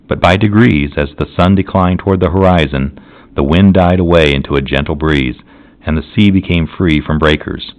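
A man narrating a classic novel as an audiobook, in a measured, solemn reading. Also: a bass voice. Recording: dull lo-fi recording.

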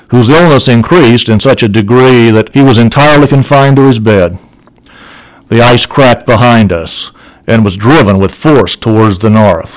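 A man narrates an audiobook in a steady, earnest way. His voice sits in an ordinary middle pitch for a man. The reading is measured and even. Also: rough recording.

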